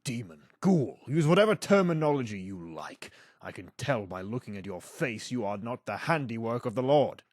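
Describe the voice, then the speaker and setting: A formal, self-important professor from a video game, played by a man. His husky voice swoops through a lively pitch range. It sits dry and close to the mic. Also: normal speed, few pauses, no echo. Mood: indignant. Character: pompous male professor, just woken after centuries.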